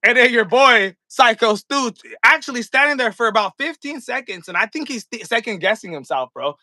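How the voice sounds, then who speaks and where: A man's voice: very high voice, lively intonation, brisk, bright, forceful tone, dry recording. A man vlogging a casual, slangy commentary rant, swearing freely and talking straight to his viewers while acting out what happened. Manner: acts out scenes with props while talking.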